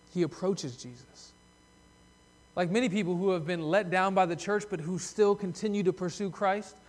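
High-voiced earnest preacher. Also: male voice. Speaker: pastor. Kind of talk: sermon.

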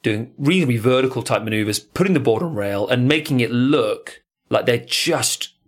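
A man's voice: medium pitch, animated, moderate pace. A man co-hosting a surf podcast, talking animatedly in casual, jokey chat with some swearing. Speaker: podcast co-host.

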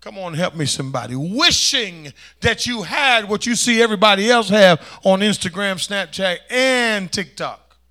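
Delivering a sermon, this male pastor urges the congregation to respond, alternating booming emphasis with quiet asides. He speaks at a moderate pace in a high, animated voice.

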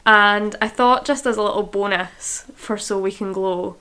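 A woman's voice: medium pitch, normal speed, pushed and bright. Woman chatting about books and reading aloud. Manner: enthusiastic, chatty. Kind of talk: casual book chat and reading aloud.

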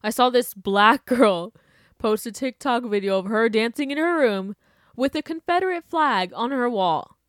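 A woman's voice: a little high, expressive, normal speed, no echo, studio quality. A young woman hosting her own show, ranting casually and sarcastically, laughing often and breaking into exaggerated outbursts. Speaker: podcast host. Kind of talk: casual opinion rant.

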